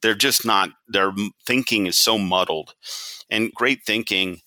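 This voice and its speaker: Brief: very deep male guest, bright edge, emphatic anecdotes, dry close mic. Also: unhurried, dry recording. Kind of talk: interview storytelling.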